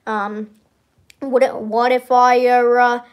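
A woman's voice: fairly high pitch, flat delivery, takes it slowly. A young woman streamer giving a casual, rambling tour of a building in a game, giggling often and stalling on many fillers.

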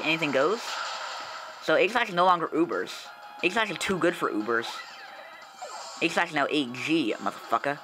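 A young man hosting a casual let's play, commenting on his game in an excitable, joking, profane way. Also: fairly high pitch.

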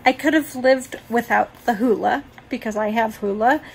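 Woman beauty vlogger, slightly high voice with a gravelly edge, unhurried chatty delivery, faint room noise. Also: poor audio. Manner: chatty, gushing over products. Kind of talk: casual makeup collection walkthrough.

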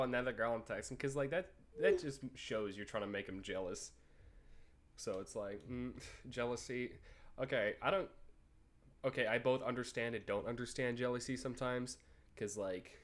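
Here the same kind of let's play commentary comes in a medium-pitched, fairly bright tone. The young YouTuber rambles through a texting game, joking around with plenty of swearing and laughter.

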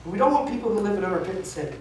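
A pastor in his thirties preaches rapid-fire in a high voice with lively intonation, candid, emphatic, and self-deprecating. His sermon echoes through a large church sanctuary, captured from a distance over faint room hiss.

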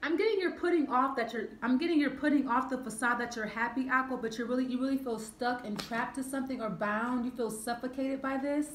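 A woman's voice: high voice, fairly quick, hardly any pauses, echoey room, a little hiss or hum. A woman giving a chatty tarot reading, repeating herself as she pulls each card. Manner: chatty, repetitive, drawing cards aloud. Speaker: tarot reader.

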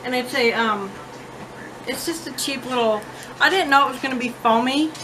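A woman filming herself at home, telling a story-time vlog in a chatty, animated, blunt way. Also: high voice, moderate pace, background noise. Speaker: vlogger. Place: at home with her cats. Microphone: own phone or camera, self-filmed.

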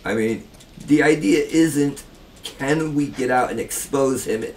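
A man's voice: medium pitch, unhurried, a little mellow, far from the mic. A man chatting casually while playing a game with a friend, in a dry, reasoning way. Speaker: gamer co-host. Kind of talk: casual let's play chat.

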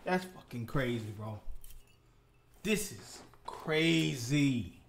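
A young man rants in a casual gaming vlog. His pitch swings wide, jumping from low grumbles to high outbursts. He is profane and animated, with sudden loud bursts. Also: extremely slow, vocal fry, slight background noise. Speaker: gaming vlogger.

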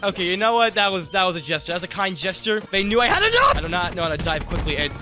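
A man commentating a video game as he plays, jokey and excitable, yelping and laughing at the scares. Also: high voice, fast talker, music in the background. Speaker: gaming YouTuber. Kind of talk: let's play commentary.

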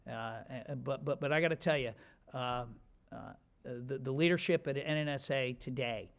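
A man's voice: mid-range voice, moderate pace, creaky, a bit bright. A man in his fifties giving a rambling, self-deprecating acceptance speech with many restarts.

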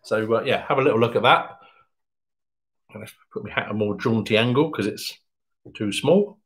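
A man's voice: normal speed, a bit bright. A man hosting an online pub quiz, reading answers in a chatty, jokey way. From England. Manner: chatty, jokey, pitch jumps up when announcing. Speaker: quiz host.

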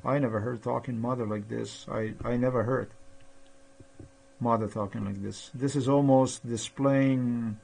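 A man in a rambling personal monologue, halting with many pauses and fillers, sounding aggrieved and accusatory. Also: mid-range voice, fairly even intonation, gravelly, a little mellow. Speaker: vlogger.

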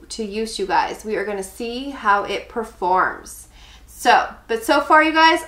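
A woman's voice: on the high side, fairly bright tone. A woman giving a casual, enthusiastic product review at home, gushing and talking with many fillers. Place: home kitchen.

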